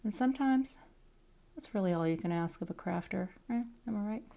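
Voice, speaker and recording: A woman's voice: medium pitch, animated, brisk, vocal fry, warm tone. A woman teaching card coloring in a casual, chatty talk-through, self-deprecating and muttering to herself as she works. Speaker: craft teacher.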